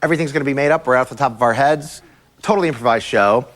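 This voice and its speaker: A man's voice: mid-range voice, racing, fairly bright tone. A man hosting an improv comedy show to a live audience, chatty and loose with filler sounds. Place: large green-screen soundstage with a live audience. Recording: live studio audience and background noise.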